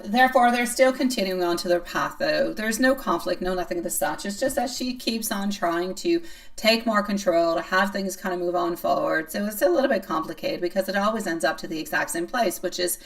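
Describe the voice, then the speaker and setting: A woman's voice: lowish voice, fairly quick. Chatty woman tarot reader, distant mic. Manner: chatty, playful, self-mocking, answers chat comments. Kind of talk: live-stream tarot reading.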